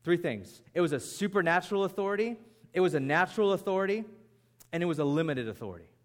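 A man preaching a sermon as pastor, in an animated, conversational way. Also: high-pitched, quick pace.

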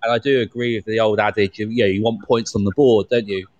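A man co-hosting a casual chat, thinking aloud with many halting restarts. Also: lowish voice, steady tone, a little mellow, dry recording, dull audio. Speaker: podcast co-host.

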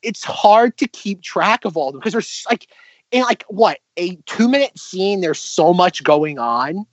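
A man's voice: high voice, measured pace, dry recording, muffled recording. Man chatting about a film. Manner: animated, retells scenes with voices. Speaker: podcast co-host. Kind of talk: casual film discussion.

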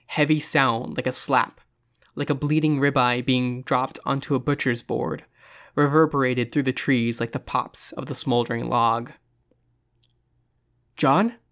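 A narrator reading a horror story aloud in a measured, suspenseful manner. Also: medium pitch, a bit bright. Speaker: audiobook narrator.

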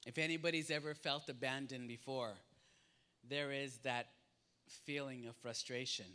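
A man's voice: mid-range voice, steady tone, normal speed, pushed and bright, clear, resonant tone. A man preaching a sermon, emphatic and repetitive, swinging his voice up and down as he acts out what people say.

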